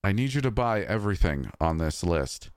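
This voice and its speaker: A man voicing a dead wife who speaks through six strangers at once, calm and unsettling. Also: sits low, moderate pace, clear, resonant tone, dry recording, clean studio sound. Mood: calm, insistent. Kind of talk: storytelling narration.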